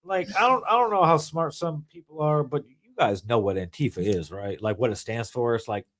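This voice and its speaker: A man co-hosting a podcast in casual political chat, blunt and profane and quick to jump in. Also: mid-range voice, fairly bright tone. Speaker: podcast co-host.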